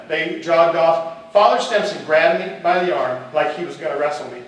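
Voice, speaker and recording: A man's voice: on the high side, moderate pace, a bit bright. A middle-aged man, a football coach and teacher, telling his personal testimony in a candid, humorous storytelling way. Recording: echoey hall, distant mic.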